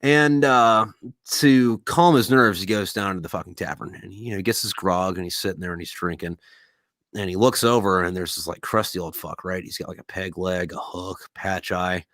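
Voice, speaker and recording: Bright-voiced man telling a profane joke. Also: deep voice, moderate pace, no echo. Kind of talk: casual chat, joke telling.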